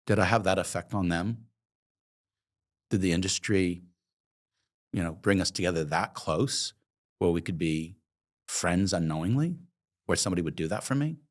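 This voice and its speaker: A man's voice: sits low, normal speed, pauses often. A man in his fifties from Oregon, telling his life story in an interview in a reflective, emotional way with many hesitant ums. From Oregon, USA. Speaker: guest, coffee company founder.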